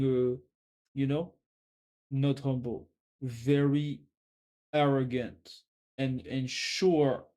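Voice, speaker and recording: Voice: mid-range voice, darkish tone. A streamer with a French accent, chatting casually on a live stream and teasingly giving a viewer a pep talk.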